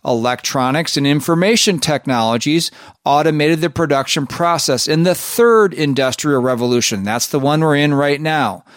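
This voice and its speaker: A man's voice: on the high side, moderate pace, dry recording, studio quality. A man hosting a show and commenting skeptically on clips, asking rhetorical questions. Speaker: show host.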